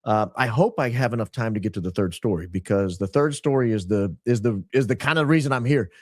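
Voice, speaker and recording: A man hosting his podcast, clearing his throat often and nursing a dry, strained voice. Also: fairly low pitch, brisk, dry recording. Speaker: podcast host. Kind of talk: casual show opening. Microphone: podcast microphone.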